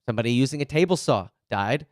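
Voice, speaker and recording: A man's voice: medium pitch, lively intonation, fast, no echo, clean studio sound. A man in his forties, a retired police officer, speaking candidly to an audience about his anxiety, often checking in with "right?" and "you know". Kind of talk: personal talk to an audience.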